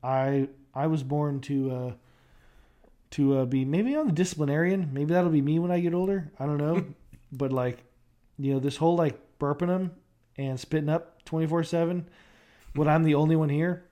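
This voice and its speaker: A man's voice: on the high side, normal speed, warm tone. A young man co-hosting a podcast in casual chat, rambling with lots of fillers and restarts. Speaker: podcast co-host.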